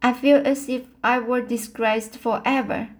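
A woman reading the lines of a dramatic, sensitive young woman student, slowly and haltingly with repeated words. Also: a little high, steady tone, pitched above the performer's own voice, lightly acted. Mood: distressed.

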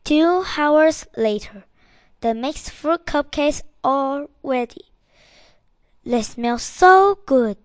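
Woman reading a kids story, slow and careful, kinda high pitched voice. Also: animated, no echo. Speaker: narrator.

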